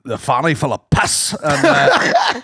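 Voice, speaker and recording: A man's voice: fairly high pitch, huge pitch swings, unhurried, fairly bright tone, breathy edge, no room sound, studio quality. A man co-hosting a podcast, bantering crudely and breaking into laughter. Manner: crude, giggly, bursts of laughter. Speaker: podcast co-host. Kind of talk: casual banter.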